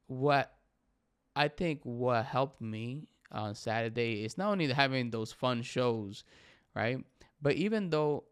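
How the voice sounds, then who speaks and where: Man, 30s, podcast host, candid solo monologue, rambling and reflective, smooth resonant voice, mid pitch. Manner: rambling, reflective, open about struggles. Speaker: podcast host and stand-up comedian.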